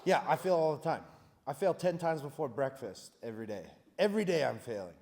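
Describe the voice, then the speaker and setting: A man in his thirties, a founder on a conference panel, telling stories in an energetic, self-mocking, emphatic way. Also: a little high, fairly quick. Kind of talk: animated panel storytelling. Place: conference hall. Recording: reverberant hall.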